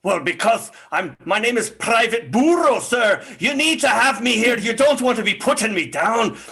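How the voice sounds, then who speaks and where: A drooling, slimy crewman begs his captain to keep him aboard, as a man puts on the voice for an improv sci-fi scene. The tone is raspy and bright, with a gravelly catch under the pleading. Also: very high-pitched, expressive, normal speed, voice pushed up, heavily acted. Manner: pleading, eager.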